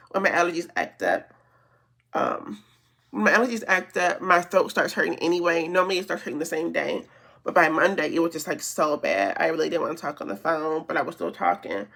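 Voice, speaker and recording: Woman rambling thru a makeup chat, kinda gravelly voice, lots of "like" and "um". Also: lowish voice, a bit bright. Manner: rambling storytelling with many fillers. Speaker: beauty vlogger. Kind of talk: casual get-ready-with-me chat.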